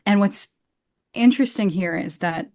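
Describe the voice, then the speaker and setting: A woman's voice: medium pitch, moderate pace, a little mellow, no echo. Enthusiastic woman coach, dry close sound. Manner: enthusiastic, demonstrates rhythm by chanting beats. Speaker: actor and Shakespeare coach. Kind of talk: podcast interview, explaining verse.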